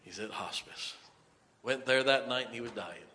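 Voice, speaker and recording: A man's voice: mid-range voice, moderate pace, sharp tone, in a large hall, a little hiss or hum. A male pastor preaching a sermon, telling a story and then urging the congregation. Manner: storytelling preacher, rises to emphatic exhortation. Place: church sanctuary.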